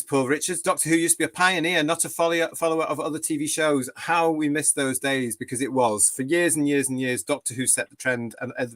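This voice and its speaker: A man's voice: fairly high pitch, fairly bright tone. A man in his fifties from the UK, hosting a live fan panel and reading out viewer comments in a chatty way. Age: 50s. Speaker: host.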